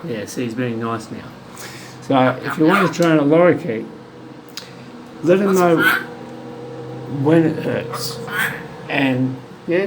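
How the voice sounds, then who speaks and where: An Australian man in a casual pet training vlog, coaxing his bird in a high sing-song voice and repeating short phrases, recorded on a handheld phone. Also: lively intonation, slow pace, pauses often, noisy background. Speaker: bird owner and vlogger.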